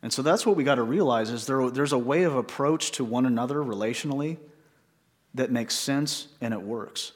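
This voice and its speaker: A pastor preaches a conversational sermon in church, putting many rhetorical questions to the congregation. His voice is medium-pitched, and he speaks at a moderate pace.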